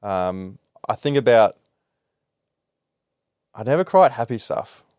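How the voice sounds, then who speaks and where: A low-pitched man hosting a podcast. He speaks candidly and reflectively, with many fillers and restarts, in a loose, unscripted flow. The voice sits close and dry, with no room sound around it. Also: animated, unhurried, a little mellow, clear, resonant tone, dry recording. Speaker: podcast host. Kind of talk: open, emotional podcast conversation.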